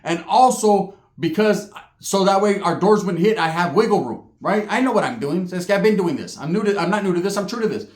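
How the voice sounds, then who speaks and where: A man's voice: sits high, lively intonation, a little fast, echoey room. A man telling a profane story as a comedy bit, casual and conversational, tagging his lines with "right?". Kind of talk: storytelling stand-up.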